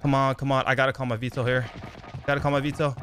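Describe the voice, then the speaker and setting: A young man giving excited, trash-talking commentary over his own gameplay, often repeating himself. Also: medium pitch, fast talker, a little hiss or hum. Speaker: gaming YouTuber. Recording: game gunfire loud behind voice. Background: gunfire and explosions from the game.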